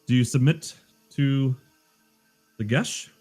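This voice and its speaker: A man doing an imperious wizard captor, pitched well above his own low voice and louder, with a demanding tone. This is a tabletop game figure, made up on the spot at the table. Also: slow pace, breathy edge, soft background music. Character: commanding Red Wizard captor.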